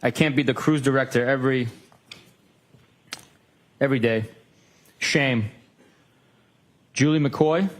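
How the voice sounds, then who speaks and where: A man in court reading text messages aloud in a flat, measured way. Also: mid-range voice. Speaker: witness reading texts.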